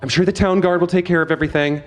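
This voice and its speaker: A man's voice: racing, faint music behind, natural voice. A man voicing an anxious, doting middle-aged father who gushes and frets in a raised voice. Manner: gushing, excitable, high-strung.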